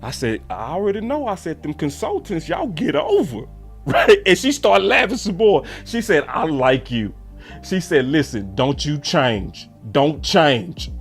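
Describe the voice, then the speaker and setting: A man telling a story in a casual, animated way and acting out the voices of the people he quotes. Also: fairly high pitch, unhurried, faint music behind. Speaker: sports show host.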